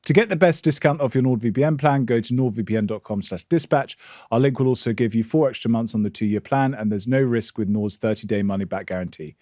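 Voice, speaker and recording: A man hosting a podcast, explaining at a measured pace with some stammering restarts. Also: mid-range voice, dark tone, no room sound, studio quality. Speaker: podcast host. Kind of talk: interview and read ad.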